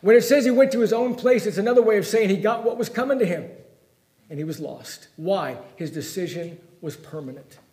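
A man with a high voice delivers a fairly quick sermon, driving home his points with direct questions to the congregation. The echoey sound suggests a church room, and he shifts from loud emphasis to quiet pleading.

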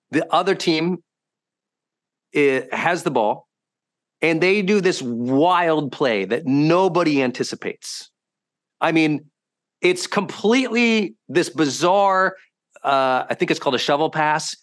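A man hosting a podcast, a high-performance coach telling stories in a lively, conversational way and acting out quotes with sudden bursts. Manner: animated, swings into loud acted quotes. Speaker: host.

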